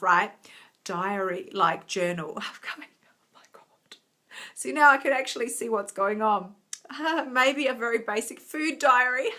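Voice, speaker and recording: Brief: woman coach, casual live-stream chat, giggly and encouraging, mid-pitched voice. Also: pushed and bright. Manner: laughs often, chatty and encouraging. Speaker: online health coach.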